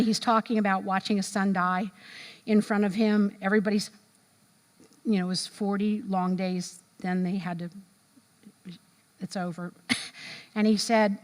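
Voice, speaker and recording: A middle-aged woman teaching a Bible study to a room of women in a lively sermon style, acting out voices and reactions as she goes. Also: mid-range voice. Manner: animated, acts out voices and reactions. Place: large room with an audience of women. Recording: long hall reverb.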